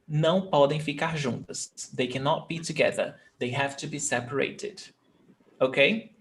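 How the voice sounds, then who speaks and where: Slow, patient language teacher. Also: medium pitch. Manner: patient, repeats and sounds out words, switches between English and Portuguese. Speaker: Portuguese teacher. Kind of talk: live online language class.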